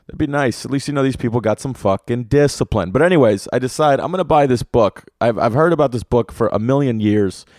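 A man's voice: medium pitch, fairly quick, hardly any pauses, dry recording. A young man hosting a solo podcast, telling a rambling comedic story full of swearing in a close, dry sound. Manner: profane, animated storytelling with lots of swearing. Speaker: podcast host. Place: room with an air conditioner.

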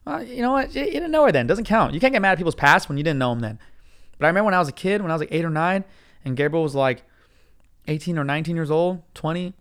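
A young man hosting a podcast, telling a profane, animated story in a ranting casual monologue. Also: fairly high pitch, clear, resonant tone. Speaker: podcast host.

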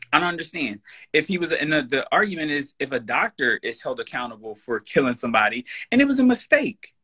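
A man's voice: a little high, sharp tone, husky. A man speaking as a guest in a casual podcast conversation, emphatic, blunt and profane. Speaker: personal trainer.

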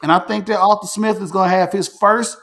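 A man hosting a casual sports talk show, animated, repeating himself and restarting phrases as he makes predictions. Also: high-pitched, brisk. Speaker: podcast host.

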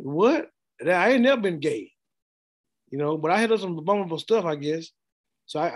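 A middle-aged man preaching a blunt, informal sermon and laughing often as he speaks. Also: sits high. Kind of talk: street sermon.

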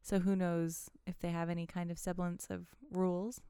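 Smooth-voiced woman in relaxed chat. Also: on the low side, moderate pace, no echo, clean studio sound. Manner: relaxed, agreeable, adds ideas. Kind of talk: casual chat.

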